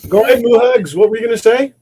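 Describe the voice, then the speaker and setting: Working in his maker shop, a man chats on a casual livestream in an extremely high, warm voice at a quick pace. He rambles, frequently repeating himself and starting over.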